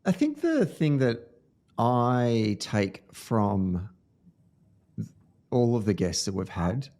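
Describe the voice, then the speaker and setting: A man's voice: mid-range voice, a little mellow. A man with an Australian accent, hosting a podcast and telling stories earnestly with lots of ums and restarts. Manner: earnest storytelling, with frequent fillers and restarts. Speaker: podcast host. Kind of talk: casual podcast conversation.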